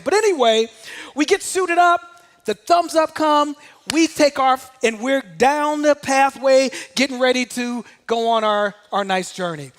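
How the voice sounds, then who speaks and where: A man giving a motivational talk, telling a personal story in an animated way. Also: very high voice, moderate pace, in a large hall, soft background music. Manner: animated storyteller, shouts out quoted commands. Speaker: motivational speaker.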